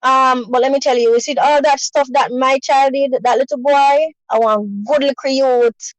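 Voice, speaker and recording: Guest storyteller: a woman, earnest and repetitive, with a high voice and a dry, close sound. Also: fairly even intonation, normal speed, no echo, low-quality recording. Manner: earnest, repetitive, peppered with "you know". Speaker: guest sharing a personal story. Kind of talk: emotional personal storytelling.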